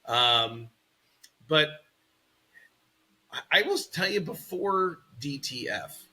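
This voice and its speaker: Bright-voiced animated podcast host man. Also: on the high side, slow pace, slightly rough. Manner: animated, rambling, laughs easily. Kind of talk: casual podcast chat.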